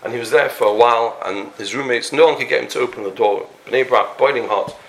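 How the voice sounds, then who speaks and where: A man's voice: mid-range voice, fast talker, a bit bright. A man telling a long story in a Torah lecture, acting out the characters and sprinkling in Yiddish and Hebrew terms. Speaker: Torah teacher.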